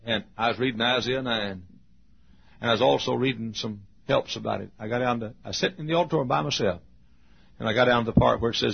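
A male pastor preaching a sermon with emotional storytelling, swinging from hushed tones to shouts. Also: mid-range voice, fairly even intonation, fairly quick, creaky, breathy edge. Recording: dull lo-fi sermon recording.

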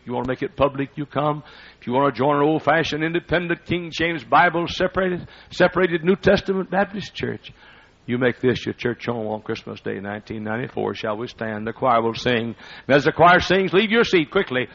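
Gravelly, impassioned Baptist preacher. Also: male voice, mid-range voice, brisk, a bit bright, lo-fi sound. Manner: impassioned, dramatic storytelling. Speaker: Baptist pastor. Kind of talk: sermon. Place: church sanctuary.

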